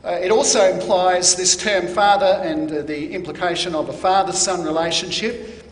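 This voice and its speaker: A man preaching a sermon in a measured, deliberate teaching manner, stressing key words. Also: high voice, steady tone. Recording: echoey hall.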